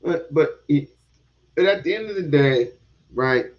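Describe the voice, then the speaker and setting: A man talking politics in a casual chat, animated and given to repeating words and casual swearing. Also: a little high, a little slow. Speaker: podcast host. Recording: dull lo-fi sound.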